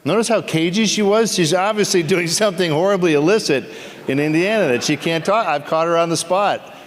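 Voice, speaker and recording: An actor on a convention panel, a man joking and teasing audience members in playful, quick asides. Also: high-pitched. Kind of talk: comedic Q&A banter with the audience. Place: convention hall. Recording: echoey convention hall.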